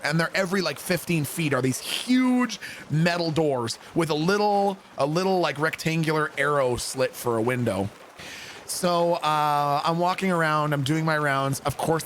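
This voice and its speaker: A man streaming a game, telling a long rambling story in a casual, profane, animated way. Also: fairly high pitch.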